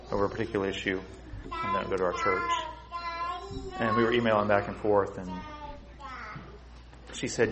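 A man preaching a sermon to his congregation, swinging between loud, high emphasis and low, quiet stretches, and asking them rhetorical questions. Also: low-quality recording. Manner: emphatic preaching with big swings in pitch and loudness. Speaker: pastor.

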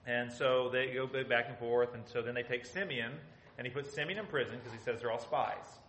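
A man's voice: medium pitch, fairly quick, a bit bright. Male Bible teacher, emphatic and questioning; recorded in an echoey space with a faint hum. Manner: emphatic, asks the audience rhetorical questions.

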